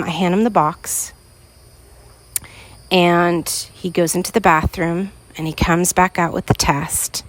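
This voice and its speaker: A woman's voice: on the low side, dry recording. A woman podcast host telling a personal story to her listeners, earnest and pleading as she recalls her own words.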